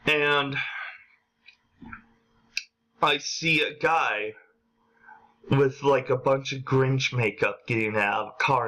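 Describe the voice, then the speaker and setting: On a low-quality recording, a young man with a medium-pitched voice tells comic stories from his own life for his casual vlog. He gets animated and voices the quoted lines louder.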